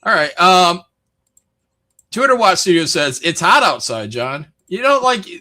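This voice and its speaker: Bright-voiced ranting man streamer. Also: high voice, unhurried. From Michigan, USA. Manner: rambling, swears often, animated rants. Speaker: streamer host. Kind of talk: casual chat.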